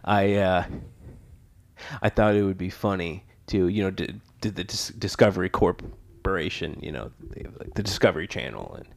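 A man with a fairly low voice hosts a loose podcast conversation from a living-room setup. He rambles, restarts his sentences and laughs his way through stories. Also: moderate pace, gravelly. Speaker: podcast host. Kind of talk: casual podcast chat. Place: living room home studio. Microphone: laptop podcast setup.

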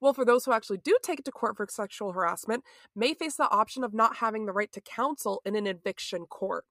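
A woman co-hosting a podcast in casual chat, reacting with animated outrage. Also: medium pitch, fast, no echo, clean studio sound. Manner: animated, laughs along and reacts loudly. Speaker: podcast co-host.

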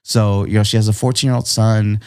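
A man with a fairly low voice tells a story in loose, slangy conversation. He leans on casual words like dude and bro, and his voice jumps high whenever he acts out what other people said. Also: brisk, smooth. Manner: animated, jumps high in pitch when quoting people; slangy, laid-back, says dude and bro a lot. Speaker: guest artist.

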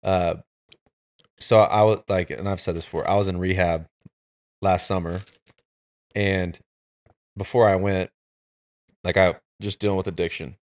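A man with a notably low, deep voice shares a personal story on a podcast. He talks in a candid, reflective way, with loose and unpolished phrasing. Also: steady tone, unhurried, pauses often. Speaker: podcast host. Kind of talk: casual conversation.

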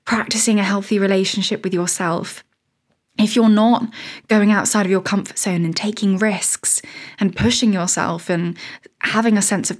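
A woman's voice: medium pitch, darkish tone. Woman, 30s, podcast host, casual solo monologue, rambling, self-mocking. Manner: chatty, rambling, laughs at herself.

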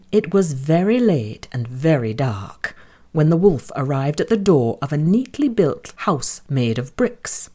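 A woman reading a children's story aloud in an expressive, playful way. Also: fairly low pitch.

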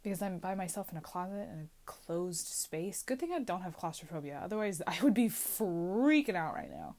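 A woman's voice: fairly low pitch, big pitch swings, moderate pace, a little mellow. A woman in her twenties talking anxiously to camera in a casual confessional vlog, rambling and questioning herself from inside a small closet. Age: 20s. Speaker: vlogger.

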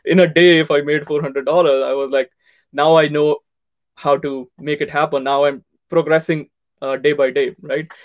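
A man's voice: fairly high pitch, highs cut off. A man telling his story as an interview guest, acting out both sides of past conversations.

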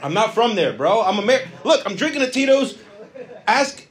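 A man's voice: sits high, big pitch swings, moderate pace. A man doing profane, brash crowd-work stand-up comedy on stage. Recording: live club audience. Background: crowd laughter.

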